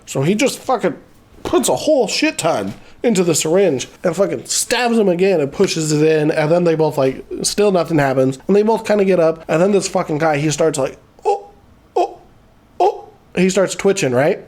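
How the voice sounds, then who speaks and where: A man with a slightly high voice recaps a film in loose, everyday chat. His talk is rambling and full of swearing, broken up by chuckles. It sounds offhand and unscripted. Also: expressive, fairly quick, a little mellow. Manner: profane, laughing, rambling retelling. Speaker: movie reviewer.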